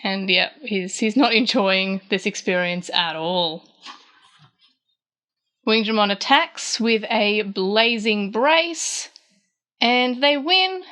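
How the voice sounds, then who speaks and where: Chatty woman with a bright, clear voice. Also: medium pitch, slow. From Australia. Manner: retells scenes, briefly raising her voice for quoted lines; frequent fillers and restarts, chatty. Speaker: podcast host recapping a manga chapter. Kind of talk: casual recap chat.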